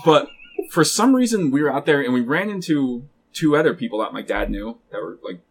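A man's voice: a little high, lively intonation, brisk, breathy edge. A young man from Pennsylvania, co-hosting a podcast and telling a long, profane, rambling story in casual chat. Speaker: podcast co-host.

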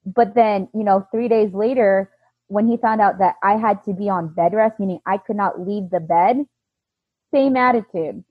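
Speaking at a moderate pace with a breathy edge, a woman shares the story of a painful time in her life with earnest emotion, often quoting others. There is no echo, and the recording sounds dull, dry and lo-fi.

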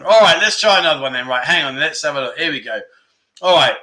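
A man hosting a casual livestream chat, reading out viewer comments and teasing them in a playful, excitable way. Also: a little high, fast talker. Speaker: livestream host. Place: Pattaya, Thailand.

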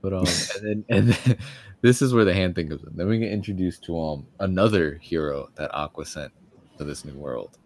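A man's voice: sits low, fairly quick, a little mellow. A young man casually recapping an anime episode, laughing often and acting out the characters' lines.

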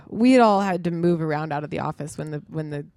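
A woman co-hosting a podcast, telling stories in casual chat with animated delivery, frequent swearing and laughter. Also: sits low, fairly quick, dry recording. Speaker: podcast co-host.

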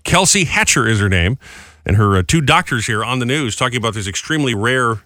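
A man's voice: mid-range voice, expressive, fairly quick, sharp tone, dry recording. A man hosting a morning radio show, chatting upbeat and jokey with his co-host.

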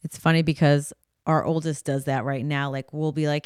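A woman's voice: low voice, level tone, moderate pace, darkish tone, clean tone, no echo, studio quality. A woman co-hosting a casual podcast, asking thoughtful questions and saying "like" often. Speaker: podcast co-host, parent. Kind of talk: casual conversational.

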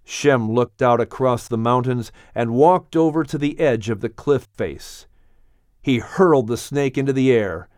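Man narrating a dramatic audiobook, super animated delivery, dry studio sound. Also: mid-range voice, no echo. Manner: expressive, unhurried.

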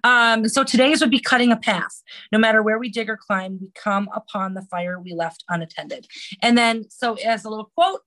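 A woman's voice: on the high side, normal speed, fairly bright tone, poor audio. A woman guest on a podcast, speaking in an earnest, heartfelt way and laughing easily. She shifts between chatting casually and reading a passage aloud. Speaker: interview guest.

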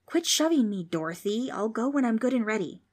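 A woman's voice: fairly high pitch, big pitch swings, a little fast, darkish tone, pitched above the performer's own voice. Woman doing a nervous boy as a pirate. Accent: put-on pirate accent. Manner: blustering pirate bravado hiding nerves. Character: scared young boy playing a swaggering pirate captain. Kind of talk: storybook reading.

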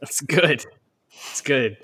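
A man's voice: medium pitch, takes it slowly, pushed and bright, slightly rough. A man hosting a casual podcast chat with friends, laughing often and swearing freely. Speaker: podcast host.

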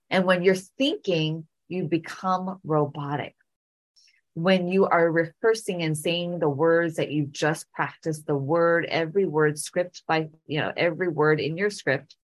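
Animated woman podcast host. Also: lowish voice. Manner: animated, repeats phrases. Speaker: podcast host and speaking coach. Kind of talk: podcast storytelling and advice.

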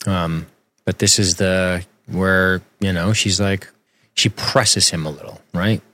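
A man in a casual film discussion, animated, swearing freely and acting out characters' lines. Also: low voice, slow pace, dry recording. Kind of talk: casual film breakdown chat.

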